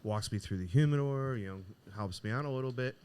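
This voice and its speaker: A man's voice: medium pitch, fast talker, clear, resonant tone. Man telling a story with animation. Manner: animated, acts out the voices in his story. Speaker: podcast co-host. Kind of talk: casual storytelling chat. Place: cigar shop.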